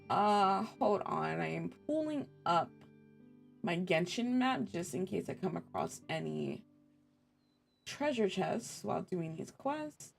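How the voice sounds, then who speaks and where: A woman streamer giving chatty, excitable gameplay commentary and talking to her viewers. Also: on the low side, takes it slowly, vocal fry, pauses often, faint music behind.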